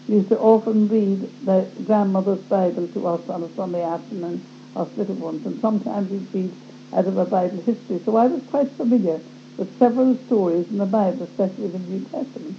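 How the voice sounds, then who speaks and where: An earnest woman recounts her own story as a testimony and voices her past thoughts vividly as she goes. Her voice sits at an ordinary middle pitch. The recording is dull and muffled, with a faint hum underneath. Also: steady tone, brisk. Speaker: speaker giving a personal religious testimony. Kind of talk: first-person storytelling testimony.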